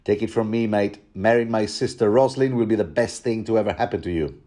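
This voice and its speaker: A man's voice: lowish voice, fairly quick, dark tone, natural voice. A man voicing an overly cheerful, chummy young nobleman who gushes at everyone. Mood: gushing. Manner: gushing, chummy.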